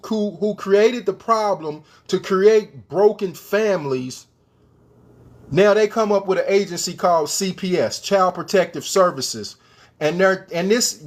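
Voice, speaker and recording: A man delivering an opinion rant straight to his viewers, emphatic and firing off repeated rhetorical questions. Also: high-pitched. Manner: addresses the viewers directly. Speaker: commentator.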